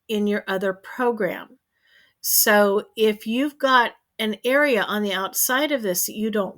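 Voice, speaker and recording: A woman's voice: on the high side, fairly bright tone. A woman hosting a screen-share crafting tutorial, talking the viewer through each step in a chatty way and often checking in with "okay?". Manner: step-by-step instructions.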